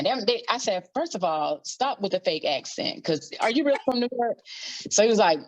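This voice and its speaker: A woman's voice: mid-range voice, animated, moderate pace, no room sound, dull audio. A woman, a gospel quartet singer, talking bluntly and colloquially as a guest in a candid interview. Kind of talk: candid casual interview talk.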